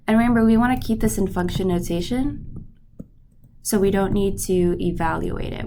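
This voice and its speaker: Background noise accompanies a stuffy-nosed woman with a lowish, gravelly voice as she works through a math lesson. She moves patiently, pausing to ask her students "right?" and "okay?" along the way.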